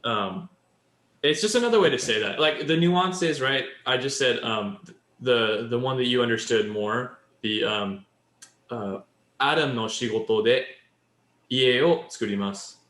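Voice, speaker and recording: A man's voice: medium pitch, expressive, unhurried, a bit bright, echoey room. A man co-hosting a podcast, explaining Japanese in casual chat and building example after example. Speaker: podcast co-host.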